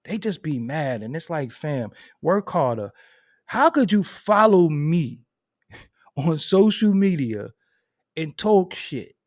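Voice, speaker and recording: Man venting with big pitch swings. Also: slow pace, no room sound, clean studio sound. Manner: animated venting, swings from low mutters to high outbursts. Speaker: commentary channel host. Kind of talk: casual livestream commentary.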